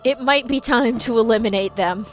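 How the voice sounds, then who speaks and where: A woman's voice: a little high, normal speed, highs cut off, faint music behind. A woman chatting casually while gaming, rambling and swearing freely in a jokey put-on accent. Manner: jokey put-on East Coast-style accent. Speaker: gaming streamer.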